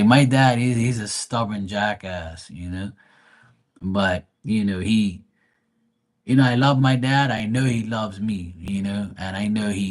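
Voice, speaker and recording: A middle-aged man hosting a casual livestream, talking bluntly and swearing freely, acting out family members' voices when he quotes them. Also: fairly low pitch. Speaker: livestream host.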